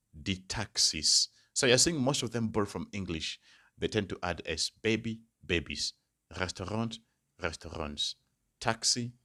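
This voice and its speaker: A patient male tutor with a low, deep voice that still sounds bright and forceful. He teaches slowly, says each word twice, and keeps asking if the class is following. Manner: checks in with "all right?" often. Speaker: language tutor. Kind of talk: online language lesson.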